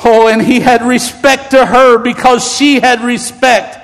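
A man preaches with fervent emotion, his voice pitched unusually high. His sermon swells toward shouting. The sound carries a long church-hall reverb. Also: level tone, measured pace.

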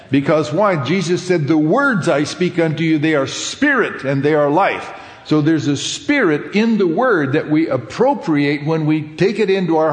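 A male preacher with a fairly high voice reads scripture, then speaks to his listeners in an earnest sermon. His voice rings through a large echoey hall with a long reverb tail.

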